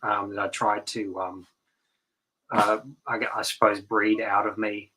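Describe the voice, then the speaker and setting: A man from North Carolina with a Southern US accent, chatting casually on a stream in a halting way. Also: on the low side, level tone, background noise. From North Carolina, USA. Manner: halting, many fillers and restarts, laughs. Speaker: stream guest.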